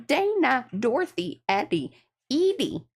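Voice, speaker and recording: A woman's voice: sits high, very animated, measured pace, creaky. A woman hosting an art livestream, chatting casually and greeting viewers by name. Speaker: livestream art show host.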